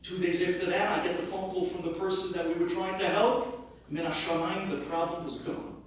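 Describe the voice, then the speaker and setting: A man, a rabbi, giving an impassioned eulogy that swings between shouting and hushed speech. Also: high-pitched, steady tone, fairly quick, a little hiss or hum. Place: large hall at a memorial gathering. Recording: very echoey hall, voice far from the mic.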